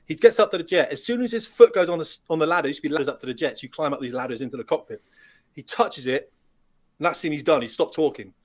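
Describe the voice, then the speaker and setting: A middle-aged man, a retired pilot, telling lively anecdotes as a podcast guest and acting out the dialogue. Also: fairly high pitch, fast talker. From United Kingdom. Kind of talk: storytelling in a podcast interview.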